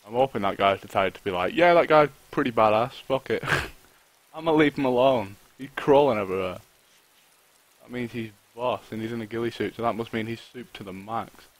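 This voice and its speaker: A man live-streams a survival game and talks to himself and to the game, swearing often and griping in frustrated outbursts. His voice is on the low side and fairly quick, and the recording is low quality, though there's no room sound.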